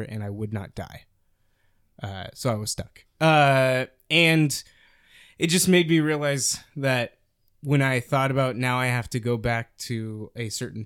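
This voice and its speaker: A man's voice: mid-range voice, clean tone, no echo. Young male co-host, chatty and rambling, clean resonant tone, dry room. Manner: rambling, animated storytelling with many fillers. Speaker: podcast co-host. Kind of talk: casual chat about video games.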